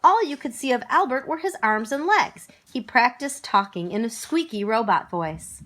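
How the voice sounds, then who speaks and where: A woman's voice: on the high side, animated, normal speed, a bit bright. A woman narrating a children's storybook aloud, acting out the characters expressively.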